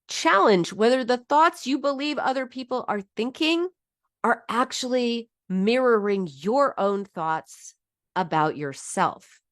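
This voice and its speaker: A woman's voice: on the high side, animated, measured pace, no echo, studio quality. A middle-aged woman teaching about binge eating in a heartfelt personal talk, often restarting her sentences. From United States. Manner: earnest and heartfelt, with frequent restarts.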